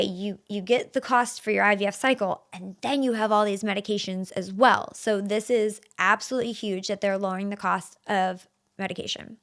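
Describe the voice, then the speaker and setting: A woman in her thirties hosting a solo podcast, talking in an earnest, emotional way with many fillers and restarts. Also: medium pitch. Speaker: podcast host.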